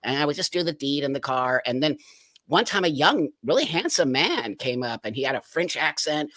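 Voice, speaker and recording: A man's voice: fairly high pitch, a little fast, no echo. A middle-aged man speaking as an interview guest, telling his life story frankly and with energy, sometimes acting out other people's voices. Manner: frank, lively, acts out voices in anecdotes. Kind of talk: candid personal storytelling.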